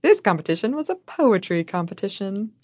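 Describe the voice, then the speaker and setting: A woman's voice: medium pitch, big pitch swings, fairly quick, a little mellow, no echo, clean studio sound. A woman co-hosting a podcast, reading a scripted history and trading wry, playful jokes with her co-host. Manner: wry, playful, laughs often. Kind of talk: scripted history storytelling with banter.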